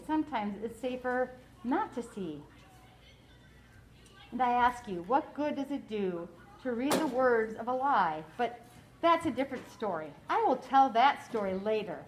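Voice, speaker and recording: A woman's voice: fairly high pitch, a little hiss or hum. A woman reading aloud as an eccentric elderly widow with a formal, wordy, musing way of speaking.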